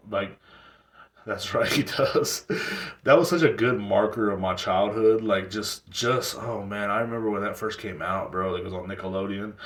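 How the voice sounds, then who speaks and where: A man in his thirties hosting a talk show, ranting casually in loose, slangy, profane talk with rambling restarts. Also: lowish voice. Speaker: show host. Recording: roomy sound from a distant mic.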